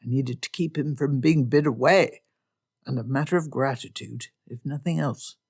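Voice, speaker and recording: A woman's voice: rumbling low, normal speed, darkish tone, husky, exaggerated voice. A jovial middle-aged merchant with clipped speech, read by a woman narrator. He talks in short, hearty bursts, like a businessman pleased with his own tale. The voice stays close to a storyteller's own tone. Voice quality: clipped delivery.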